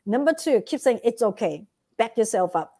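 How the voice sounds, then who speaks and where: Mellow-voiced woman giving advice. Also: on the high side, big pitch swings, normal speed. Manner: recaps points in numbered lists. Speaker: guest. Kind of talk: podcast interview, motivational advice.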